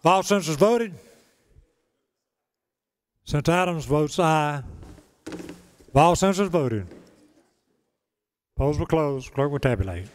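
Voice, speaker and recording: Man chairing the senate, firm procedural tone, slightly high voice, hall echo. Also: lively intonation, slow pace, long pauses. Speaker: presiding officer. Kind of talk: chairing a session. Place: legislative chamber. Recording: long hall reverb.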